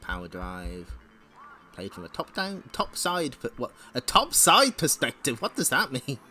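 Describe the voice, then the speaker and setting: Wry, lively male streamer. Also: medium pitch, a little slow, soft background music. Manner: laughs often, wry asides, lively. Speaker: streamer reading comics aloud. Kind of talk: casual chat and read-along.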